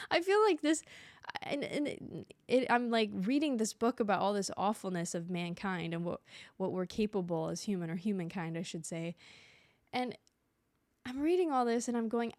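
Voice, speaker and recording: A woman's voice: medium pitch, darkish tone, no room sound. Chatty woman telling stories, dry close sound. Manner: chatty storytelling with quick restarts and quoted voices. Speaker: podcast host. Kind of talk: casual solo podcast monologue. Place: home room.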